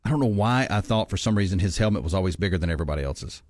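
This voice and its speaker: A male sports radio host with a low voice. He chats through his picks and reads listener texts aloud, sure of his opinions. The sound is dry and close. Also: expressive, rapid-fire, a little mellow, dry recording. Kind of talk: sports talk radio chat.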